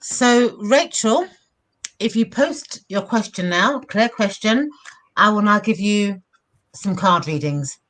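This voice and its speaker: A woman co-hosting a live tarot stream who calmly reads viewer comments aloud and asks viewers follow-up questions. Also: medium pitch, slow pace. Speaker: tarot reader and co-host.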